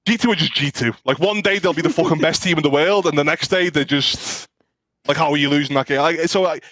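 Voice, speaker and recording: A man talks as a guest on an esports chat show, rambling and loose with plenty of slang. His voice sits a little high. The recording is dry and close. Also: a little fast, fairly bright tone, no echo. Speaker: pro player guest.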